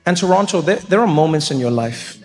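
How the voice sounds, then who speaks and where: A man telling a story as a stand-up comedian, in an animated, playful way. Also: fairly high pitch, a little fast. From South Africa. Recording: long reverb with faint music.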